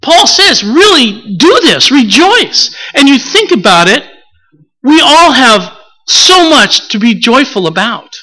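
An older man preaching a sermon, telling the story with animated acted-out quotes before teaching on the text. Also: extremely high pitch, a little slow, low-quality recording. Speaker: pastor.

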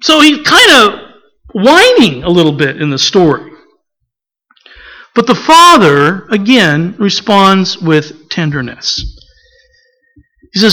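Lively, bright-voiced preacher. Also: mid-range voice, unhurried, pauses often, low-quality recording. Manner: acts out scripture quotes, asks the listeners questions. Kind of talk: sermon.

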